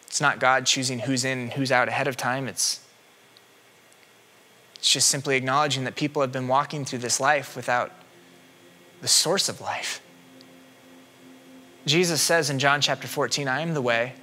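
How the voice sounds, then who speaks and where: A man preaching a sermon as a minister, moving from hushed reflection to loud, pleading questions. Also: medium pitch, normal speed, long pauses, faint music behind.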